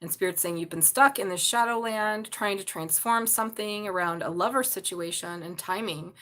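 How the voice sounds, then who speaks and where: A woman doing a live tarot reading. Her talk is chatty and excitable, with offhand swearing and constant asides to the viewers. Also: medium pitch, normal speed. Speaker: tarot reader.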